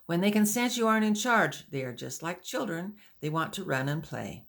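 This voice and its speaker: Give me a steady, patient wagon teamster man, read by a woman, a little gravelly, explaining things in an audiobook. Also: fairly low pitch, moderate pace. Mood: instructive. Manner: patient, instructive. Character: male wagon teamster guiding pioneer women, patient and steady. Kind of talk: audiobook dialogue.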